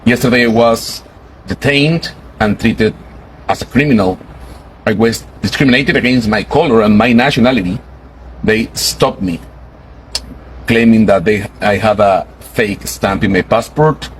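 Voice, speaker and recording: A man from Mexico speaks to camera in a lowish voice, earnest and careful. He often pauses to find his words. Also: a little hiss or hum, low-quality recording. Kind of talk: testimony to camera.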